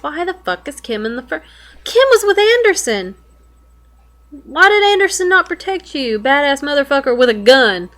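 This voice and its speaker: A woman's voice: sits high, bright, forceful tone. A young woman reading a web story aloud and reacting to it in casual chat, swearing and breaking into alarmed exclamations. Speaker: web fiction reader reacting.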